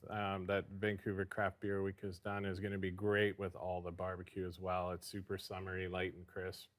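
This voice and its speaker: A man guest chef explaining his cooking in a relaxed, hesitant way with frequent ums. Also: sits low, moderate pace. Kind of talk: casual explanatory chat.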